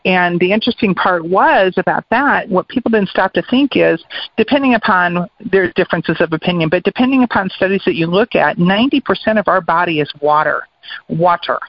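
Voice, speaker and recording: A woman's voice: on the low side, fairly quick, dry recording. A woman guest on a radio talk show, explaining her ideas in an earnest, casual way. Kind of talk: casual chat. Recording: dry, muffled radio audio.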